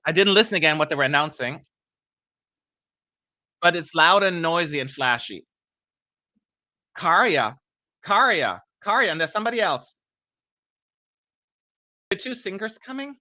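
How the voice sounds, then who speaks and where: A man from Germany hosts a live stream in a casual, chatty way, with a bright, forceful voice. He pokes fun at himself and has a dry, sarcastic streak, and he reads viewer questions aloud. The sound is dry and close. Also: a little high, no echo.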